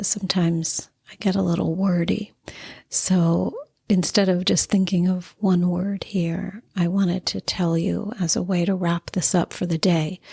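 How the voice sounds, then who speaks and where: Middle-aged woman talking slow n husky, gravelly edge, dry close sound. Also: mid-range voice, darkish tone, dry recording. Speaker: podcast host and spiritual teacher. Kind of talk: calm spoken teaching monologue.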